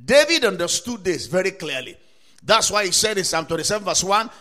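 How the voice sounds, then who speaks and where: A man preaching a sermon to listeners, asking rhetorical questions again and again, citing scripture verses and building up to emphatic shouts. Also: sits high, animated, normal speed. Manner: quotes and cites scripture verses. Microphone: recorded for broadcast to listeners or viewers.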